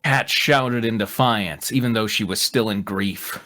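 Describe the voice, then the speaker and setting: Brief: man narrating a live comedic fanfic read; plain, slow, even. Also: lowish voice.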